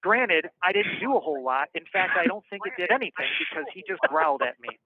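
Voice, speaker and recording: A man's voice: high-pitched, fast talker, crowd noise. Man telling stories over a tinny phone line. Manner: frank, animated, acts out quoted voices. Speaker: guest storyteller. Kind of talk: casual storytelling on a call. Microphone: prison phone.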